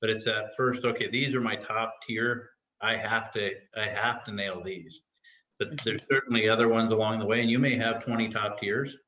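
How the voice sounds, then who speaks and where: A man's voice: on the low side, normal speed, a little hiss or hum. A man hosting a faculty discussion over a video call, his voice echoing as if in a bare room. The sound is a little muffled and dull. He talks easily and often turns questions back to the group. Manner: relaxed, prompting others with questions. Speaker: discussion facilitator. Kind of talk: online faculty workshop discussion. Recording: echoey, slightly dull video-call audio.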